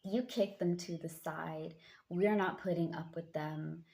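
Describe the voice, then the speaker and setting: Young woman doing a tarot reading, lowish morning voice, lively and encouraging, calls everyone honey and bro. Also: a little slow, gravelly. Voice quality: a bit deep from just waking up. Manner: lively, hypes viewers up with pet names. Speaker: tarot card reader. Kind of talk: casual tarot reading monologue.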